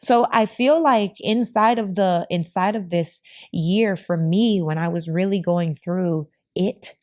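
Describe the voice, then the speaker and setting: A woman's voice: on the low side, measured pace, a little mellow. A woman hosting a podcast, talking openly and emotionally with frequent restarts. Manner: open and emotional, with many restarts. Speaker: podcast host. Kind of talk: candid podcast conversation.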